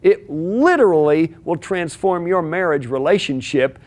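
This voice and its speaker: Male marriage teacher, earnest storyteller, slightly high voice. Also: animated, measured pace, darkish tone. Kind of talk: teaching talk with illustrative story.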